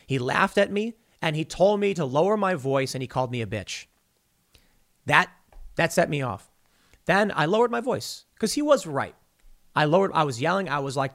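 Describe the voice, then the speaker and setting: Man, podcast host, heated monologue, fairly high voice, frequent stammers and restarts. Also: normal speed. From United States. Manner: animated, many restarts and stammers.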